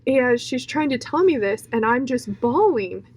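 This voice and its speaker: A young woman shares a personal testimony, her voice sitting a little high. She speaks earnestly from the heart, circling back with fillers and restarts as she tells it. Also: animated, measured pace, a little mellow, breathy edge, poor audio. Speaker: guest sharing her testimony.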